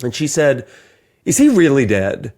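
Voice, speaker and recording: Lively male podcast co-host. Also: medium pitch, measured pace. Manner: animated storyteller, laughs often. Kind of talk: casual chat.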